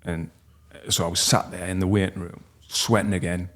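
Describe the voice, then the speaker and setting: A man, telling a personal story as a podcast guest in a halting, heartfelt way with many restarts. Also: low-pitched, level tone, a bit bright. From North East England. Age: 40s.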